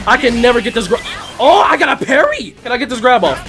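Excitable high-voiced man gaming over music. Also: fast. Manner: excitable, shouting and laughing, heavy slang. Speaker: gaming YouTuber. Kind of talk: excited gameplay commentary. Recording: loud game music behind the voice.

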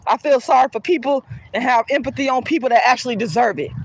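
A woman's voice: sits high, fast, a little hiss or hum. A woman activist ranting to camera outdoors, heated, cursing and scornful. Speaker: colorism activist. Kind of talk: angry profane rant to camera.

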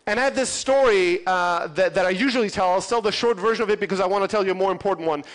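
High-voiced, profane storytelling man. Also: fast. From Europe. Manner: profane, punchy, acts out dialogue. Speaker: conference speaker. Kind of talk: animated storytelling keynote. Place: conference stage.

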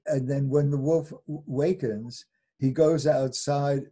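An older man with a mellow, slightly husky voice tells a folk tale as an interview guest. He chuckles often and briefly acts out the characters' lines as he goes. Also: medium pitch. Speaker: fairy tale scholar guest. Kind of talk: animated storytelling in interview.

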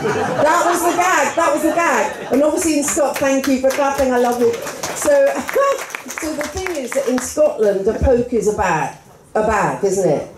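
A woman's voice: sits high, animated, moderate pace, crowd noise. A woman in her sixties, an author guest on a festival stage, rambling and self-mocking and often breaking into laughter. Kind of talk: live stage interview. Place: festival stage before an audience. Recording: roomy hall sound.

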